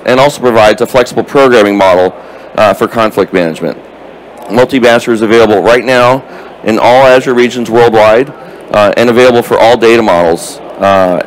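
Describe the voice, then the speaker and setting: A man presenting a live tech conference session while losing his voice, talking casually with many fillers and throat clearing. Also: fairly low pitch, slight background noise, poor audio.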